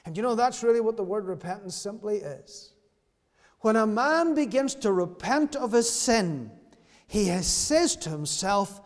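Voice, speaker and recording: High-voiced man preaching in a reverberant hall. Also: lively intonation, normal speed. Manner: earnest, repeats key phrases for emphasis. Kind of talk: sermon.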